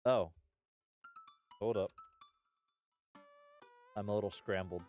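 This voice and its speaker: Laid-back low-voiced male streamer. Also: fairly even intonation, slow, a little mellow, faint music behind. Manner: laid-back, rambling, lots of "uh" and "hell yeah". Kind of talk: casual live-stream chat.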